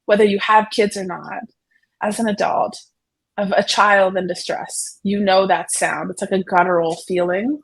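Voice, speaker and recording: A woman psychotherapist, a guest on the show, explaining an idea through a vivid, expressive story told in a conversational way. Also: medium pitch, rough recording. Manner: vivid, expressive storyteller who paints scenes for the listener.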